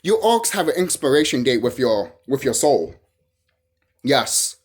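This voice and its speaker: Vlogger, ranting solo to camera: husky voice, pitch swinging wide, profane and repetitive. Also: big pitch swings, measured pace, darkish tone. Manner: heated, profane, repeats phrases and restarts.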